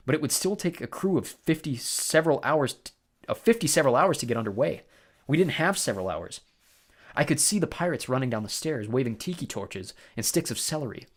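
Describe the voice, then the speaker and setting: A man giving expressive first-person storybook narration. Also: medium pitch.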